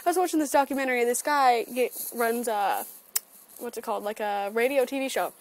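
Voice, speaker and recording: A woman's voice: on the high side, fairly quick, slight background noise, rough recording. A woman ranting sarcastically and with lots of swearing in a webcam opinion vlog. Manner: animated, sarcastic and profane ranting. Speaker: vlogger. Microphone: computer webcam.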